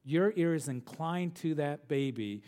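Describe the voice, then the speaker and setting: A man's voice: a little high, unhurried, dark tone. A man, a pastor, giving an earnest verse-by-verse Bible teaching, reading scripture aloud and asking his listeners tag questions. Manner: earnest, asks the listeners tag questions, repeats words when restarting; reads scripture passages aloud.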